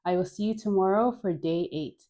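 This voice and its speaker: A woman's voice: mid-range voice, fairly quick, dark tone. A woman leading a guided dance class, encouraging and playful, often laughing, talking while she dances with a mic on. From Caribbean. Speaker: dance instructor. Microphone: wearing a mic.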